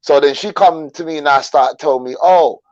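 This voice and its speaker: A man's voice: a little high, fairly quick, no room sound, lo-fi sound. A man bluntly telling slangy stories in a casual live chat.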